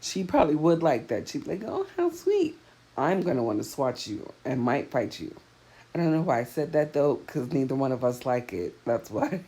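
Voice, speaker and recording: A woman's voice: a bass voice, lively intonation, a little fast, mellow, poor audio. A woman vlogger telling a personal story in a casual, chatty way, laughing often as her voice jumps up on the punchlines.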